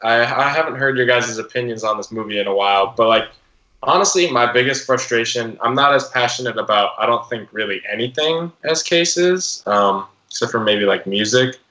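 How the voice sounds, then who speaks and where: A man's voice: mid-range voice, brisk, sharp tone. A man co-hosting a podcast, talking casually and a little hesitantly. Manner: hesitant, easygoing, lots of fillers. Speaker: podcast co-host. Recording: roomy, lo-fi sound.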